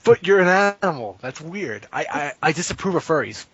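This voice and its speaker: A man telling profane stories as a podcast guest, casual and rambling, with animated impressions. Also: a little high, brisk, husky, no room sound. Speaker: podcast guest, fighting game player. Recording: muffled lo-fi podcast audio.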